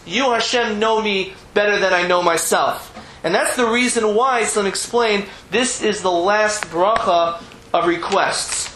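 A man's voice: sits high, sharp tone, reverberant, a little hiss or hum, rough recording. A man giving a Torah lesson, explaining texts with Hebrew terms and frequent restarts. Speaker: rabbi teaching Torah.

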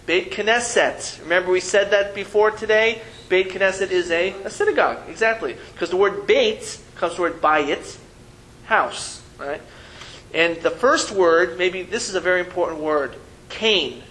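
A man's voice: sits high, moderate pace, a bit bright, slight background noise, poor audio. A man teaching a Hebrew reading lesson to a class, patiently sounding out syllables and teasing his students playfully.

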